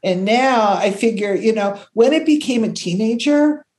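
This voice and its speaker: An older woman from Canada, a creativity consultant, telling stories in an animated, conversational way and acting out the voices she quotes. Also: moderate pace. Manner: expressive, acts out quotes, jumps to high pitch when excited.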